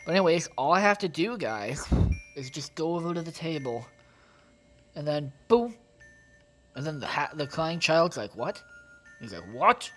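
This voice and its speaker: A man's voice: on the high side, animated, normal speed, pauses often, fairly bright tone, soft background music. A man doing casual let's-play commentary, profane, exasperated and rambling as he talks to his viewers. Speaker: gaming video creator.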